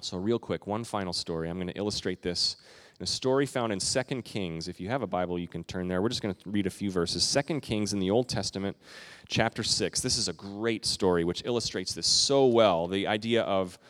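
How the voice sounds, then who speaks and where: A man preaching a sermon as pastor, earnest, swelling to loud emphatic peaks and then dropping soft. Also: sits low, brisk. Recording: long hall reverb.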